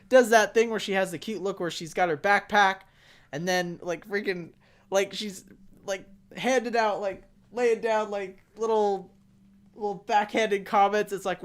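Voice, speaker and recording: A young man co-hosting a casual fan discussion, talking in an excitable, rambling way full of fillers and sudden bursts of enthusiasm. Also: high voice, measured pace. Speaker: podcast co-host.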